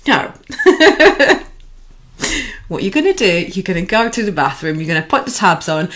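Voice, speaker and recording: A woman coaching viewers on emotions in a casual teaching monologue, animated and chatty, with frequent fillers. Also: on the low side, fast.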